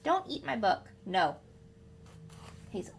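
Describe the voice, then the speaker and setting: A woman's voice: mid-range voice, big pitch swings, slow pace, creaky, distant mic, slight background noise. A woman talking casually to her pet, scolding and calling it over.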